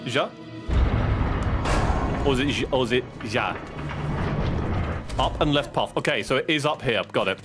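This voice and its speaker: A man's voice: mid-range voice, a little slow, long pauses, over music. A man with an English accent giving casual commentary as he plays a game, yelping and swearing at each setback. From England. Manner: excitable, yelps and swears at setbacks. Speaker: streamer.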